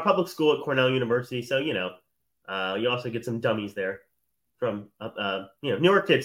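Chatty, bright-voiced male radio host. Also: mid-range voice, lively intonation, fairly quick. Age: 30s. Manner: rambling, chatty, teasing, laughs often. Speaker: talk show host. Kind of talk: casual live radio talk monologue.

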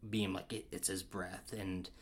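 A man co-hosting a casual film chat, excitable and rambling, with lots of fillers and restarts. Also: sits low, measured pace. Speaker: podcast co-host.

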